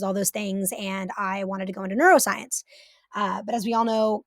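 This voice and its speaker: A woman with a mid-range voice chats casually as a podcast guest, swearing freely and using lots of fillers. The studio sound is clean with no echo.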